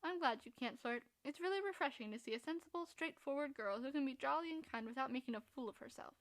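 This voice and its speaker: A woman voicing a charming, playfully mocking young gentleman in a storybook reading. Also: sits high, animated, fast talker. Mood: teasing.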